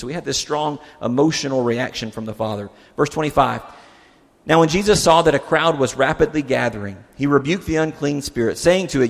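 A male pastor delivers a conversational sermon, posing rhetorical questions to his listeners. His mid-range voice is creaky and a little fast, and a long hall reverb hangs on the recording.

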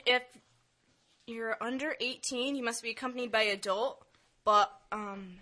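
A woman's voice: fairly high pitch, fairly even intonation, measured pace, sharp tone. A woman co-hosting a casual podcast chat, giggly and chatty as she reads through a list. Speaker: podcast co-host.

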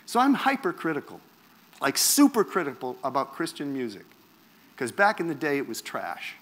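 A man's voice: fairly high pitch, moderate pace. A man from Canada, preaching a personal testimony in a wry, self-mocking storytelling manner. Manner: animated, wry, self-mocking storyteller who acts out quotes.

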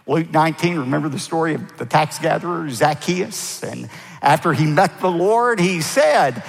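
A man preaching a sermon to his congregation, his voice carrying a gravelly edge. He leans hard on key words, lifting them high, then lets each phrase end sink low. A long reverb trails behind him in a large hall. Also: lively intonation, moderate pace. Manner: emphatic preaching, rising for stress and dropping low at phrase ends. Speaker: pastor.

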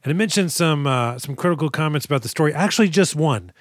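A man co-hosting a podcast, recapping a movie in casual chat, animated and profane as he acts out scenes. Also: a little high, quick pace, no room sound, studio quality. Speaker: podcast co-host.

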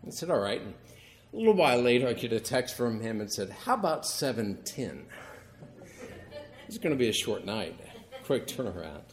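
Middle-aged male priest, wry storytelling homily, mid-pitched voice. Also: big pitch swings, moderate pace, long pauses, a little hiss or hum. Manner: storytelling, conversational with wry humor.

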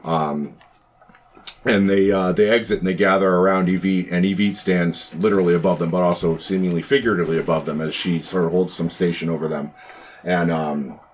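A man narrating a tabletop game as game master, rambling with many pauses and restarts. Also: deep voice, fairly even intonation, a little hiss or hum.

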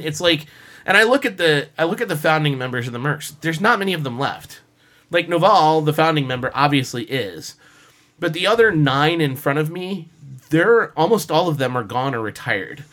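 A man on a casual podcast chat, telling animated stories full of fillers and laughs. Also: on the high side. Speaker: podcast co-host, costumer.

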